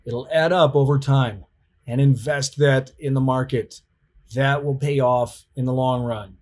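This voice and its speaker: A middle-aged man, a college professor, giving a recorded lecture in an emphatic, deliberate teaching manner. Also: mid-range voice, steady tone, a little mellow.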